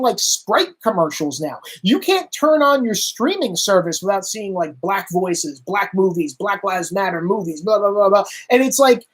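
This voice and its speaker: A man's voice: sits high, lively intonation, moderate pace, few pauses. A man ranting as a political commentator, sarcastic and emphatic, hammering his points through repetition. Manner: sarcastic, exasperated.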